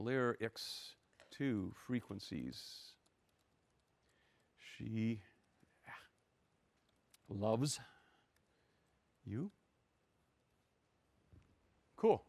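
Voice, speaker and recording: A man's voice: on the low side, gravelly, a bit bright, no room sound. Older male lecturer, dry close mic, wry and self-deprecating, explains code step by step. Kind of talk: university lecture.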